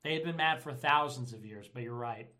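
A man's voice: medium pitch, brisk, background noise. A man hosting a livestream, talking in a rambling, crude, sarcastic way with lots of filler words. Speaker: livestream host. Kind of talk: casual livestream commentary.

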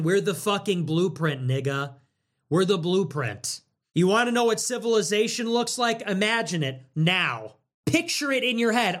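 A young man with a high, lively voice hosts a casual livestream. He riffs in a mocking, animated way and repeats phrases in quick bursts. His pitch swings widely as he goes. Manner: animated, mocking, riffing in rapid repetitions. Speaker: livestream host.

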